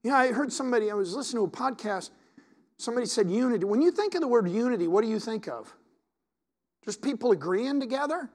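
A man's voice: very high voice, animated, quick pace. A male pastor preaching a sermon, reading scripture aloud, repeating words, and asking his congregation questions. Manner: repeats words and restarts sentences.

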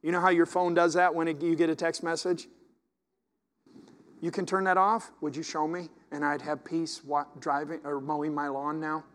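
A man preaching a sermon as pastor, swinging from hushed asides to loud, impassioned exhortation. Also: fairly high pitch, little pitch movement, normal speed.

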